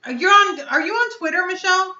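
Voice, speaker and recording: Bubbly high-voiced woman streaming live. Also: lively intonation, fairly quick, bright, forceful tone, echoey room, dull audio. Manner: chatty, effusive, answers viewers' comments aloud. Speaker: vape reviewer hosting a live chat. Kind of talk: casual live-stream chat with viewers.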